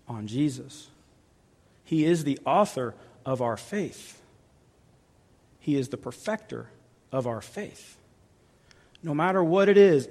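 A male pastor preaching a sermon, sinking to soft intimate tones at times. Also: on the high side. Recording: long reverb of a large hall.

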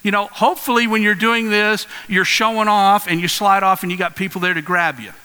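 Bright, high-voiced preacher in a reverberant hall. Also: male voice, a little fast, clean tone. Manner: earnest, conversational, animated storytelling. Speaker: pastor. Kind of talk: sermon.

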